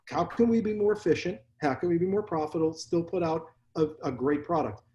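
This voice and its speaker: Male dentist guest, blunt and animated storyteller, slightly high pitch. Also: a little fast, dull audio. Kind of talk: casual interview storytelling.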